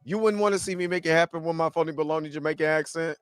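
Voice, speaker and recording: A man's voice: a little high, rapid-fire, clear, resonant tone, no echo, studio quality. An American man co-hosting a casual podcast, joking and laughing a lot as he banters. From United States. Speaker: podcast co-host.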